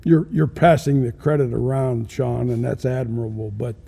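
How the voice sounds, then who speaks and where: A man co-hosting a talk show, speaking in a measured, hesitant way with fillers while praising his guest. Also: mid-range voice, fairly even intonation, gravelly, dark tone, slightly rough. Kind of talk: interview questions and praise.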